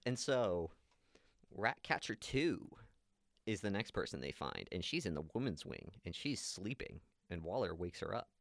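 A man's voice: low-pitched, big pitch swings, normal speed, creaky, dry recording, clean studio sound. A man chatting casually as a podcast co-host, retelling movie scenes and quoting the characters. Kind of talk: casual chat recapping a movie.

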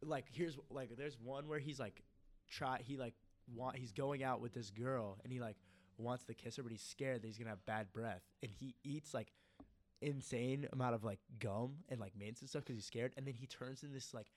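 A man's voice: medium pitch, moderate pace. Rambling young man, lots of "like". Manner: rambling, filler-heavy storytelling. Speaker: podcast co-host. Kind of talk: casual chat.

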